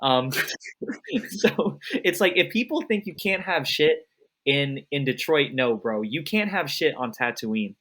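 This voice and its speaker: Man, podcast co-host, casual chat, animated profane rants. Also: on the high side, slow pace.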